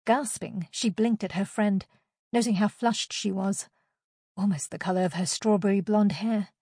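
A woman reading a fantasy novel aloud as an audiobook narrator, in a steady, expressive reading. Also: medium pitch, normal speed, breathy edge, dry recording, studio quality.

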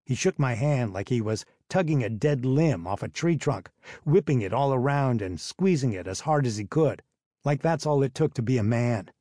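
A man's voice: mid-range voice, animated, normal speed, dark tone, no echo, clean studio sound. A man narrating a first-person audiobook in a wry, sullen tone.

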